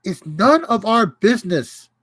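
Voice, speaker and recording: A man with a slightly high voice delivers an impassioned, indignant rant to his livestream audience. He speaks straight into a close mic in a dry, deadened space. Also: very animated, unhurried, fairly bright tone, no room sound, poor audio. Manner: impassioned, indignant, greets viewers mid-rant. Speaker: livestream host.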